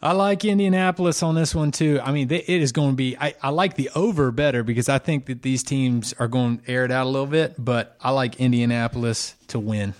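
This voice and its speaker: A man's voice: medium pitch, brisk, few pauses. A man co-hosting a casual sports chat, giving plain-spoken, brief picks and opinions. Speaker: co-host.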